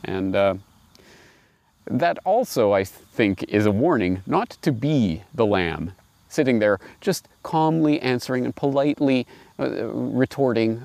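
A man reading fables aloud and commenting on them, animated and wry. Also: mid-range voice, unhurried, gravelly, dry recording. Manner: animated, wry, laughs at his own points. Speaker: host.

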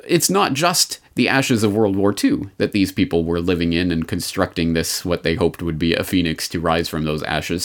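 A podcast host with a low-sitting voice presents a history commentary show. He speaks in a measured, deliberate way, dropping in sardonic asides.

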